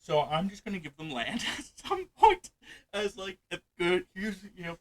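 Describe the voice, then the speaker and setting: A man hosting a casual let's-play, talking fast and loud in a hyper rush. His voice sits a little higher than most men's. He chats with fellow players about his game. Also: big pitch swings, rough recording. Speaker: gaming channel host. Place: hot room at home.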